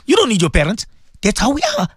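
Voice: mid-range voice, wildly swooping pitch, fast, slightly rough. A radio host giving a preaching talk, emphatic and repetitive, asking rhetorical questions and dropping Arabic religious phrases into English.

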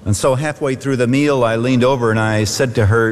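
A man's voice: mid-range voice, fairly even intonation, brisk. A man preaching a sermon as pastor, telling a story with emphatic rises and drops. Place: large church. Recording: long hall reverb.

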